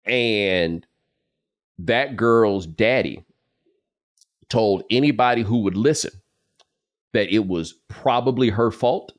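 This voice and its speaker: A man co-hosting a podcast, chatting casually and telling stories in an animated, playful way with plenty of slang. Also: lowish voice, slow pace, long pauses. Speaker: podcast co-host. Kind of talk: casual sports and culture chat.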